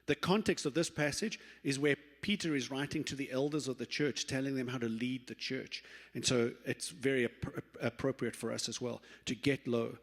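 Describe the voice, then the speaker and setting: A man's voice: medium pitch, moderate pace, few pauses. Man preaching in a reverberant church. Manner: lively storytelling, acts out quoted voices, self-correcting restarts. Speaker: pastor. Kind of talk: sermon. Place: church sanctuary. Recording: long reverb of a church hall.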